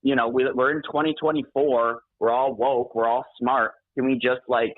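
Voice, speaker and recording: A man's voice: mid-range voice, steady tone, normal speed, dry recording. A man calling in by phone, chatting casually, rambling with frequent restarts and laughs. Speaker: caller. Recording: tinny phone line.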